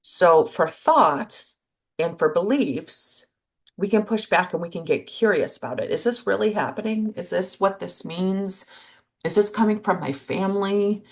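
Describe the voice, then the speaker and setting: A woman co-hosting a relationship podcast in gentle, reflective casual conversation, speaking in short thoughtful phrases. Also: mid-range voice, unhurried. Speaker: podcast co-host.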